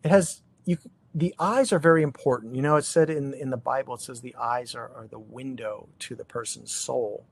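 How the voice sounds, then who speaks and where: A gravelly, medium-pitched voice at a moderate pace belongs to a middle-aged chiropractor leading an informal practice seminar for fellow practitioners. Loose and animated, he keeps throwing rhetorical questions at his listeners and often restarts his sentences.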